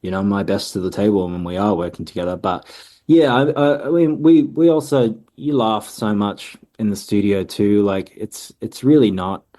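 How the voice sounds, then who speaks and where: A man's voice: on the low side, fairly even intonation, normal speed, dark tone. A man in his thirties, a musician answering interview questions in an easygoing way with frequent ums. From Australia. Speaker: musician guest.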